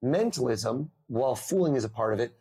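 A man in his thirties, a mentalist guest on a podcast, telling lively stories and acting out the people in them. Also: medium pitch, a little fast, slightly rough. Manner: animated storyteller, acts out quoted voices. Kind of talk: podcast interview over video call.

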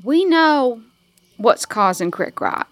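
A woman's voice: a little high, sing-song, takes it slowly, no room sound. A woman playing a druid character who rallies her people in a folksy, earnest speech. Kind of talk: tabletop role-play.

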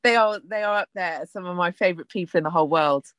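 A woman's voice: on the low side, fast, no room sound. Gushing woman co-host, very dry close sound. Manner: excitable, laughs often, gushing. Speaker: podcast co-host. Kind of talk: casual chat.

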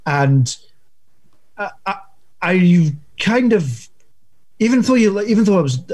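A man's voice: high voice, big pitch swings, takes it slowly, darkish tone. A Scottish man in casual football chat on a podcast, rambling with many restarts. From Scotland. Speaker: podcast co-host.

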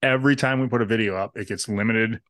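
A man's voice: fairly low pitch, fast, a bit bright, dry recording. A man co-hosting a podcast, trading crude jokes and swearing freely in casual banter. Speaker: podcast co-host.

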